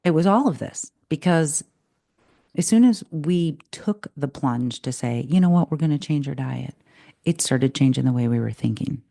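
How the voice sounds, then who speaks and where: A woman co-hosting a podcast in casual chat, chatty and animated and quick to laugh. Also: low-pitched, gravelly. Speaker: podcast co-host.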